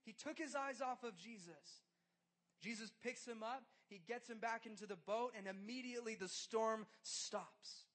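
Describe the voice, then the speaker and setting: A man preaching to a youth group in a conversational style, swinging between loud urgency and hushed closeness, with lots of "like". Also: very high-pitched, moderate pace. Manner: conversational, filler "like". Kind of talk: sermon.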